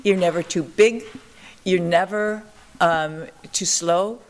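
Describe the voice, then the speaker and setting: A woman's voice: lowish voice, takes it slowly. An older woman in an interview, telling her story with animation and acting out the voices of the people she quotes. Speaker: interviewee, marathon pioneer.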